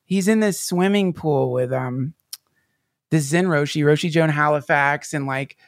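A man with a gravelly, creaky voice tells a personal story in a rambling way, full of fillers and restarts. He sometimes sounds close to tears. The sound is dry and close. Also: fairly high pitch, measured pace, dry recording. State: near tears at times. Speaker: podcast guest.

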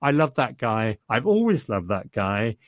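A man's voice: mid-range voice, big pitch swings, unhurried, no room sound, clean studio sound. A man chatting casually about a film he enjoyed, rambling enthusiastically and quoting lines. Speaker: podcast co-host reviewing a film. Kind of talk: casual chat.

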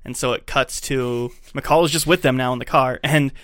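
Here a man co-hosting a podcast casually walks through a movie, voicing the characters as he goes. He has a medium, slightly bright voice with fairly even intonation and a moderate pace. The recording is dry.

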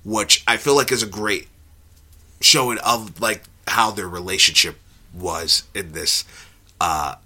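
A man co-hosting a podcast, chatting casually about films, animated and laughing often. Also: slow. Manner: animated, laughs often, jumps pitch when joking. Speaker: podcast co-host. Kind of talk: casual film chat.

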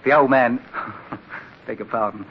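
An actor playing a loyal, plain-spoken British sailor who speaks deferentially in a 1950s radio drama. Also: male voice, medium pitch, fairly even intonation, unhurried, lightly acted. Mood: reassuring. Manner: deferential, homely grammar. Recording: dull lo-fi old radio recording with faint noise.

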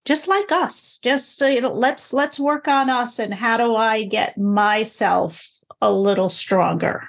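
A woman's voice: a little high, a little slow, gravelly. A woman hosting a casual podcast chat, thoughtful and encouraging as she asks questions.

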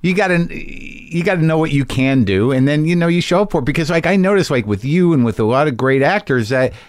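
A man interviewing an actor in a relaxed chat, asking long, rambling questions full of restarts. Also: a little high, brisk, no room sound, studio quality.

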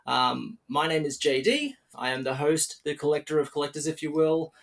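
A man's voice: on the high side, normal speed, creaky, a bit bright. A young Australian man hosting a casual podcast interview, upbeat and chatty, with plenty of fillers and restarts. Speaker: podcast host.

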